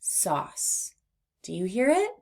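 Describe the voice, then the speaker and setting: Female phonics teacher, slightly low voice, unhurried, patient and encouraging with young readers. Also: expressive. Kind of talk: children's phonics lesson.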